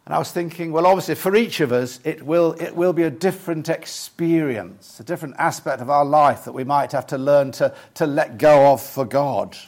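Older male preacher, somewhat high-pitched, reflective sermon delivery with frequent restarts. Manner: reflective, halting with many restarts; leads the congregation through lists in a soft slow voice.

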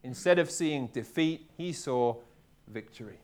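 A man from England preaching a sermon to a live congregation, talking in a relaxed, conversational way and often repeating his words as he goes. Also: mid-range voice, a little slow. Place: church hall with a live congregation.

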